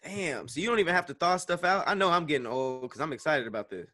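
A man jokes and teases his way through a loose chat on a video call. His voice is a touch high and bright, with a sharp edge to it. He keeps the tone light and easy. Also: fast. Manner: joking, teasing. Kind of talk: casual chat.

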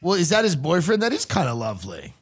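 A man's voice: fairly high pitch, huge pitch swings, fast talker, slightly rough. A man hosting a podcast, chatting casually and joking about a clip, sometimes mimicking the people he talks about. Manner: joking, does mocking quoted voices. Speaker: podcast host.

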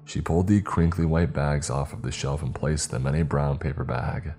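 A man narrating a horror story in a measured, steady way. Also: a bass voice, creaky.

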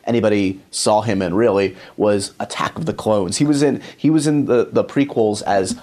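A man's voice: lowish voice, normal speed, warm tone. A man hosting a podcast, introducing his guest and interviewing in a chatty, upbeat way with plenty of fillers. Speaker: podcast host.

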